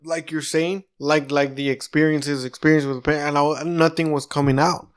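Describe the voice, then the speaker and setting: A man from the Rio Grande Valley in South Texas hosts a comedy podcast, rambling in stop-start bursts full of stammering restarts. His voice is fairly high and smooth, with a flat delivery at a moderate pace.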